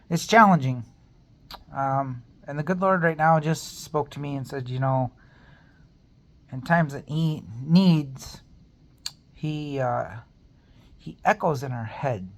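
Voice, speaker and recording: A man talking to camera in a personal vlog, earnest and rambling as he shares a faith testimony and speaks openly about being in pain. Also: medium pitch. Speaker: vlogger.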